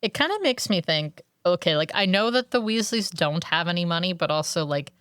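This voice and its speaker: Low-voiced woman co-hosting a book chat. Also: expressive, a little fast, a bit bright, smooth, dry recording, studio quality. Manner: chatty, filler-heavy, reflective. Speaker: podcast co-host. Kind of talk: casual book discussion.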